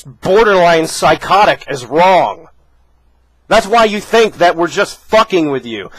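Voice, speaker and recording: A man's voice: high-pitched, fairly bright tone, dry recording, poor audio. A man vlogging an angry, profane rant aimed at another person. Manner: furious, profane, confrontational.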